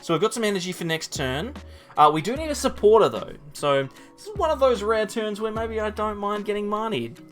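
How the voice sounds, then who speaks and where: A man's voice: high voice, animated, a little fast, faint music behind. Chatty man commentating gameplay. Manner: chatty, self-mocking, talks to opponent. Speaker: channel host.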